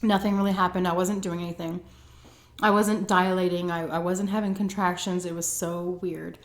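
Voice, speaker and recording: A woman's voice: on the low side, flat delivery, moderate pace. A woman vlogger telling a story to camera in a chatty, dramatic way, acting out what people said. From Texas. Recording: roomy echo.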